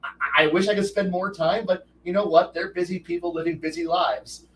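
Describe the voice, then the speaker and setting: Casual male streamer, high voice, rambling storyteller, mic a bit distant. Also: fairly quick, a little hiss or hum. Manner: rambling, frequent restarts, animated quoted dialogue. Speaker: streamer host.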